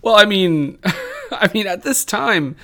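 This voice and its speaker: A man's voice: sits high, big pitch swings, slow, sharp tone. A man from Canada, co-hosting a movie podcast in a conversational way, often hedging with "I mean.". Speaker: podcast co-host. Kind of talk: casual movie-review chat.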